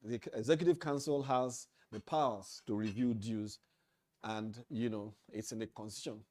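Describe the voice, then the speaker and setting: A man with a Nigerian English accent delivers a leadership training lecture to officials. His voice is mellow and warm, and he speaks emphatically. He hammers his points home by repeating key phrases. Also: lowish voice, fairly even intonation, moderate pace. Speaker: leadership trainer at an association meeting. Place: meeting hall.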